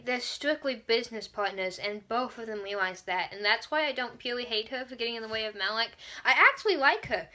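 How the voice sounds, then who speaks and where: A young woman with a crisp, bright voice pitched a little high chats through a fan review of a TV episode. She gushes and rambles, tossing in quick asides as she goes. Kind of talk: casual fan review vlog.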